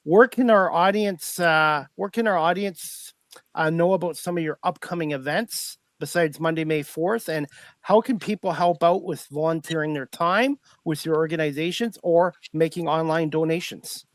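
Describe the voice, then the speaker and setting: Earnest man hosting a podcast, a bit high-pitched, halting delivery, dry sound. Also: no echo. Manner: earnest, hesitant, many fillers and repeated words. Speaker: podcast host. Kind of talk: casual interview hosting.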